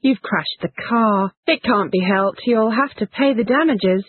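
A woman's voice: on the high side, measured pace, breathy edge, no room sound. A woman reading English example sentences for a phrase lesson. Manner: reads short example phrases, lively intonation. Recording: tinny phone-like band, dry.

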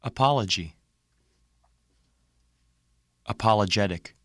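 A man reading single example words slowly and deliberately for a pronunciation lesson. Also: fairly low pitch, fairly bright tone, no echo, studio quality. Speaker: model speaker in a pronunciation lesson. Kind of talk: scripted word reading.

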